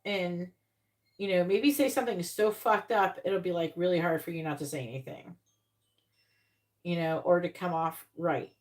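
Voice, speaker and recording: A woman's voice: fairly low pitch, moderate pace. Blunt casual woman tarot reader. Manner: blunt, casual, swears, acts out quoted voices. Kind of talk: live-stream tarot reading.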